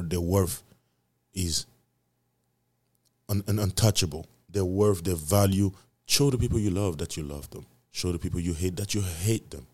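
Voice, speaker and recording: A man with a very low voice hosts his own podcast, rambling in a loose, profane monologue. He preaches and repeats his points for emphasis, going loud on some phrases and quiet on others. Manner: repetitive emphatic delivery, swinging loud and soft. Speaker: podcast host. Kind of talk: casual solo podcast monologue.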